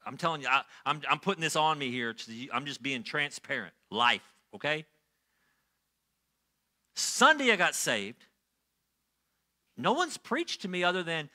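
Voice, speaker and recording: A middle-aged man preaching a sermon as a pastor, telling stories and swinging from quiet asides to loud, excited bursts. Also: a little high, a little slow, long pauses.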